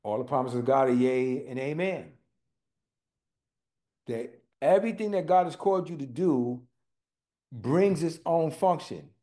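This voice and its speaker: A man preaching a sermon, emphatic, slowing down on key words and talking directly to his listeners. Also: medium pitch, lively intonation, mellow. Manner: emphatic, slows for stress, talks to listeners directly.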